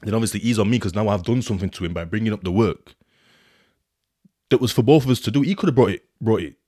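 A deep-voiced podcast host talks through his time in prison in a rambling, casual monologue packed with slang and fillers, occasionally reading from a report. He speaks fast in a warm tone, and the recording is studio quality with no echo.

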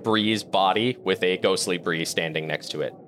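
Low-voiced man narrating a tabletop game. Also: moderate pace, slight background noise. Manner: relaxed, rambling narration with fillers. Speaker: game master.

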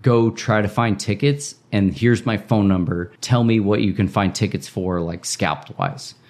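A man co-hosting a podcast, telling a story in an animated, casual way. His voice sits somewhat low, and he keeps acting out the other people's lines. Filler words run all through his telling. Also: normal speed. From Indiana. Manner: animated, acts out quoted speech, many filler likes. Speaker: podcast co-host.

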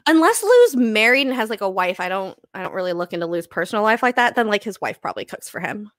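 A woman co-hosting a casual chat podcast, playful and gushing with quick asides. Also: mid-range voice, big pitch swings, a bit bright, no room sound, clean studio sound. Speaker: podcast co-host.

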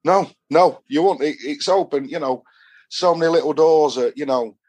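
Man, Yorkshire accent, middle-aged, husky, rambling storyteller, casual podcast guest. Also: fairly high pitch, moderate pace, a little mellow. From Doncaster, England. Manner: rambling anecdotes with dialect phrasing.

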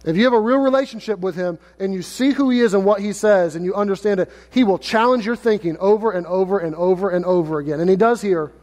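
A male pastor preaching a sermon, reading scripture and acting out quoted lines in lively paraphrase. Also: sits high, fast, few pauses. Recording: long hall reverb.

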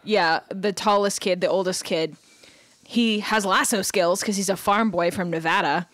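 A woman podcast co-host talking through a show recap in relaxed, casual chat. Her delivery is animated and sarcastic, peppered with "like". Her voice sits in a middle register, recorded close and dry with no room sound. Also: mid-range voice, normal speed, no echo.

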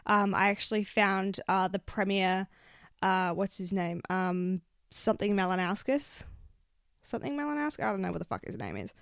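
A young woman with an Australian accent telling stories on her solo podcast, swearing freely and getting animated as she vents. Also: mid-range voice, normal speed, creaky, clear, resonant tone, no echo, studio quality. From South Australia. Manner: swears often, animated when venting. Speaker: podcast host. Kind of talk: casual solo podcast storytelling.

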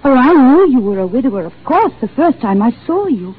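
An actress playing a shy, gentle and lonely bookshop clerk, speaking sweetly in a 1940s radio drama on a tinny broadcast. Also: female voice, high voice, big pitch swings, fairly quick, husky, full character voice. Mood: tender. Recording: tinny lo-fi old radio broadcast, faint hiss.

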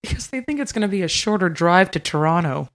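A woman from Quebec with a Quebec French accent, a guest on a comedy podcast, joking in a deadpan, mock-serious way. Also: on the low side, fast. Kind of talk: comedic improv chat.

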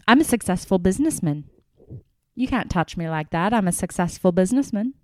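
Woman doing a puffed-up angry guy, ranting fast and loud, mellow tone. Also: mid-range voice, animated, no room sound, clean studio sound, natural voice. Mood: indignant ranting. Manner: loud, rapid, indignant ranting. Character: angry blustering man, pompous and yelling.

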